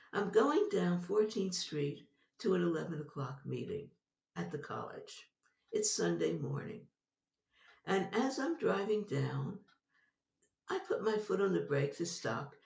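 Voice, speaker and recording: An older woman, a psychologist being interviewed, telling a personal story in an animated way and laughing often. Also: fairly low pitch, vocal fry, echoey room, recorded from a distance. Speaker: guest, psychologist.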